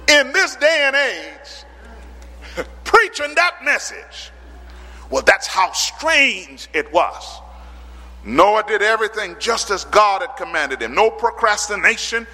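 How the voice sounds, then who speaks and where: A man from the Caribbean islands preaching a sermon, dramatic, with rhetorical questions and sudden loud peaks. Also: high-pitched. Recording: long hall reverb.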